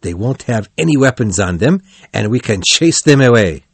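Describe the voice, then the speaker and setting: A stern, serious old badger lays down the law, voiced by a man reading a storybook. He speaks firmly and steadily at a middle pitch. The sound is dry and close. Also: animated, normal speed, no echo. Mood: planning. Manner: gruff scolding then kind.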